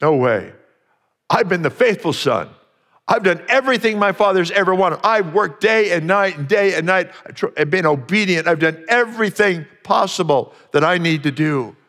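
A man's voice: sits high, lively intonation, normal speed, fairly bright tone, in a large hall, pitched above the performer's own voice. A man voicing a resentful older brother who complains indignantly that he has slaved for years.

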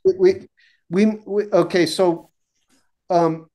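A male author being interviewed, with a somewhat high voice. He speaks casually and haltingly, repeating words and restarting his sentences often. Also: steady tone, mellow. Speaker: author, podcast guest.

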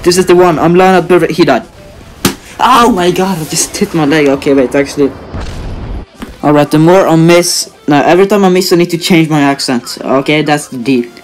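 A man's voice: on the high side, moderate pace, slight background noise. A man giving casual, joking gameplay commentary, boasting and swearing as he plays. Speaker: gaming video host.

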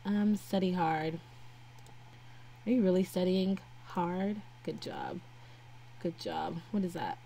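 A woman's voice: medium pitch, lively intonation, slow pace, creaky, pauses often, warm tone. A young woman giving casual let's-play commentary, chatting to her game characters as she plays. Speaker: gameplay narrator. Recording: faint game music behind.

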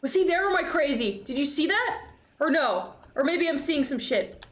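A woman's voice: high voice, lively intonation, moderate pace. A young woman streaming a horror game, chatting casually, swearing and shrieking with laughter when scared. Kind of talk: casual gameplay commentary. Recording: echoey room with faint noise.

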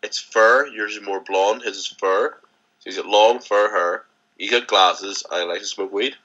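This young podcast co-host has a fairly low, steady voice, bright and forceful, and talks a little slowly. The audio sounds dull and lo-fi as he rambles through loose banter, ribbing the others and cursing without restraint.

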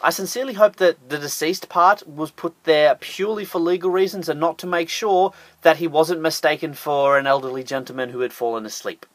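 A man's voice: a little high, a little fast, hardly any pauses, dry recording. An Australian man narrating a scripted top-ten list with sarcastic, jokey asides.

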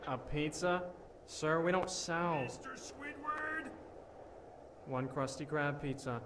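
Cranky sarcastic cashier, bored and dry, voice sitting a bit high. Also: male voice, slow, noisy background. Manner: dry, deadpan, irritable. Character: grumpy, sarcastic fast-food cashier. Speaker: game character.

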